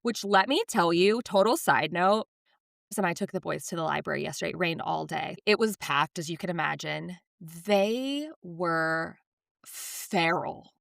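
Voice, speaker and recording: A woman in her thirties co-hosting a podcast, telling parenting stories in a casual, animated way and acting out the lines of others. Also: lowish voice, unhurried, creaky, dry recording, studio quality. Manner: animated storytelling, acts out quotes. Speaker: podcast co-host.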